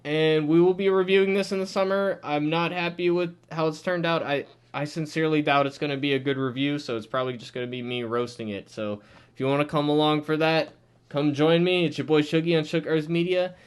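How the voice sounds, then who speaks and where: Exasperated young man ranting, fairly high voice. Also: steady tone, fairly quick, clear, resonant tone. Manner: exasperated, swears a lot, keeps saying "dude". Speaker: comic review channel host. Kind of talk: ranting commentary.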